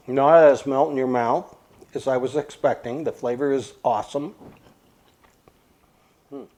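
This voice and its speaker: A man's voice: mid-range voice, fairly even intonation, a little slow, pauses often, a little mellow. A man hosting a casual cooking vlog, talking plainly and thinking aloud as he goes. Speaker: cooking channel host.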